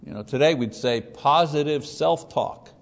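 A man with a somewhat high voice teaches through a psalm in an easy, conversational way. He lifts his voice to act out the people he quotes. The sound carries a long reverb, as in a large hall. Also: moderate pace. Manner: conversational, acts out quoted voices with rising pitch. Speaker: preacher teaching a Bible lesson. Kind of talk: expository Bible teaching.

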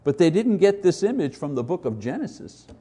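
A man's voice: a little high, sing-song, fairly quick, mellow, husky. A man teaching an informal Bible lesson in a conversational way, with frequent restarts and rhetorical questions.

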